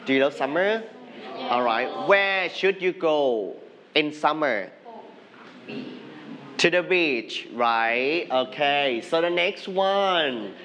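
A man with a Thai accent leads a classroom English lesson, his voice sitting somewhat high for a man. He is patient and coaxing, slowing his words right down so the class can repeat after him. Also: expressive, bright, forceful tone. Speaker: English teacher.

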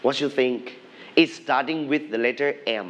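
A man's voice: medium pitch, a little fast, a bit bright, a little hiss or hum. A man teaching an English vocabulary lesson to a class, patiently repeating words for the students to echo.

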